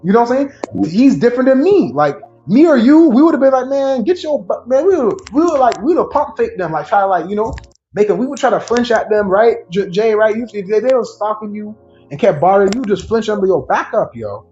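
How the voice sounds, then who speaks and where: A man with a fairly high voice hosts a loose podcast chat and tells stories in lively street slang. The sound is dull and lo-fi. Soft music plays underneath. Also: fairly quick. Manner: animated, slangy storyteller. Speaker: podcast host. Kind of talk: casual podcast discussion.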